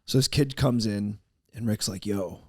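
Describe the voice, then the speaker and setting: A man's voice: on the low side, steady tone, moderate pace, husky, dry recording, clean studio sound. A young man, telling a story on a podcast and acting out the voices of the people in it, swearing freely. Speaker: podcast co-host. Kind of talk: casual storytelling chat.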